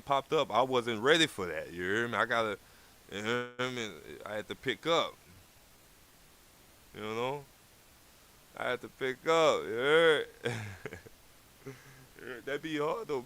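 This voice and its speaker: A man's voice: medium pitch, a bit bright. A young man, a rapper guest, chatting casually between freestyles, slangy and repeating himself, laughing nervously. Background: faint beat playing.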